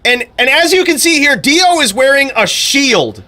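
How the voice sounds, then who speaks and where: A man's voice: very high-pitched, sing-song, normal speed, bright, forceful tone, pitched above the performer's own voice, full character voice. A man doing an impression of an overexcited male fight commentator, stating the obvious in hyped play-by-play.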